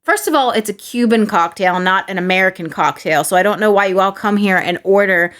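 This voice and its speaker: A woman's voice: medium pitch, brisk, a bit bright. A woman co-hosting a podcast, casually telling exasperated stories about customers at the restaurant where she works. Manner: exasperated, storytelling, casual swearing. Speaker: podcast co-host, server.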